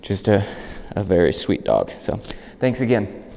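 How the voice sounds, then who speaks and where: Calm man explaining dog training. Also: a little slow, gravelly, long reverb tail. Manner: calm explaining, bursts of high praise calls to the dog. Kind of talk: outdoor training demonstration.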